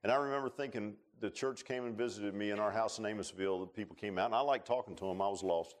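A man preaching a sermon in a church, telling stories in a folksy way and swinging between loud rises and quiet low passages. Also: fast talker. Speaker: pastor. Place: church sanctuary.

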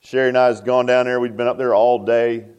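A man's voice: medium pitch, little pitch movement, fairly quick, darkish tone, smooth, dull audio. A middle-aged man, preaching a sermon as pastor, pressing questions with a rhetorical "huh?". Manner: preachy, rising to fervent emphasis with rhetorical "huh?".

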